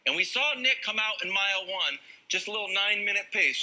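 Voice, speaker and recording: A male sports talk show host leading a lively debate, playful and teasing with his co-hosts. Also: high-pitched, fairly quick, poor audio. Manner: playful, laughs and teases co-hosts.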